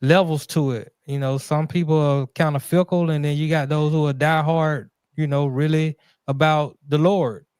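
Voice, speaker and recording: A man's voice: a little high, fairly even intonation, moderate pace, hardly any pauses, darkish tone, clean tone, dry recording, clean studio sound. A man co-hosting a casual talk show, explaining a point in an earnest way.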